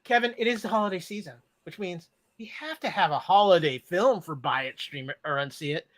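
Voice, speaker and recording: A man's voice: high-pitched, brisk, fairly bright tone, no room sound. A man co-hosting a podcast, talking about movies with playful sarcasm. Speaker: podcast co-host. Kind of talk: casual chat reviewing movies.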